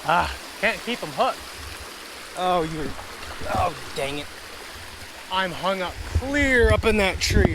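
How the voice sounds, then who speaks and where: A fishing vlogger works a wooded stream outdoors, narrating casually and grumbling whenever something goes wrong. He's chatty and easily frustrated, addressing his viewers as folks and guys, in a high-pitched voice at a measured pace over a noisy background.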